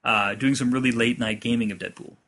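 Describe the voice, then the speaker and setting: Bright-voiced man telling animated stories. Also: medium pitch, fairly quick. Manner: animated storyteller, acts out game lines with laughter; many fillers like "like" and "uh". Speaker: podcast co-host. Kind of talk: casual chat.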